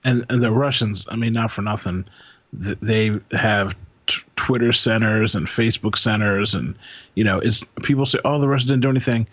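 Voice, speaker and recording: A man's voice: lowish voice, normal speed, fairly bright tone, husky, dry recording, dull audio. A man co-hosting a podcast in casual chat, joking and rambling with a sarcastic edge. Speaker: podcast co-host.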